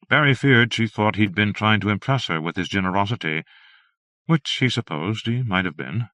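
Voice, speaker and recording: A man narrating an audiobook in a measured, steady reading style. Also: deep voice, no room sound. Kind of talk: scripted narration.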